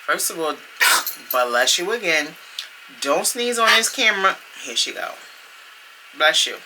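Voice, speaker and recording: A woman's voice: deep voice, sing-song, measured pace, heavy background noise. A woman, talking casually to camera at home in a vlog, chatty and playful, laughing as she goes. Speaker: vlogger. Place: home room with the heat running.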